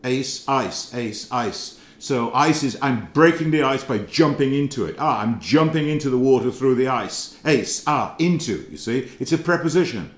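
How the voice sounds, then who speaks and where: A middle-aged man from England teaches Greek vocabulary in an informal recorded lecture, rambling and hesitant, full of fillers and restarts. His medium-pitched voice has lively intonation at normal speed with hardly any pauses, and the sound is roomy.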